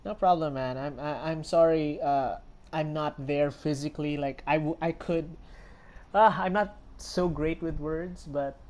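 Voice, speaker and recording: A man's voice: a little high, steady tone, a little slow, darkish tone. A young man streaming a game, talking to viewers in a rambling, sympathetic way with many fillers and restarts. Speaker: gaming streamer. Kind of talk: live gameplay commentary.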